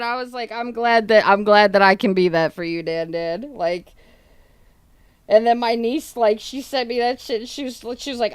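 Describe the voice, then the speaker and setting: Coughing at times, a female streamer laughs and curses heavily while casually recounting conversations with family, friends and her chat. Her voice is on the high side and smooth, at a moderate pace, in a dry recording.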